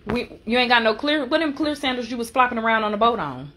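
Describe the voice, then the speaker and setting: Sassy, bright-voiced mother chatting. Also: a little high, lively intonation, fast, a little hiss or hum. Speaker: mother and vlogger. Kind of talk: casual family vlog chat.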